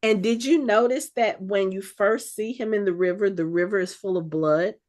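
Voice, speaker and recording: A woman co-hosting a podcast, casually recapping a TV episode in an animated way and acting out the characters' lines as she goes. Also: mid-range voice, moderate pace. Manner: animated, retells scenes with quoted lines. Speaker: podcast co-host. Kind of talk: casual show recap chat.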